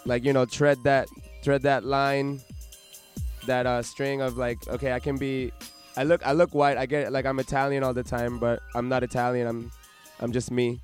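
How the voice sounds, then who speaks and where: A man from Puerto Rico talks in a halting, searching way on a casual podcast, often stopping and starting over. His voice is mid-pitched. Faint music runs underneath. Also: flat delivery. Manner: hesitant, lots of restarts and fillers. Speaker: podcast guest, teacher.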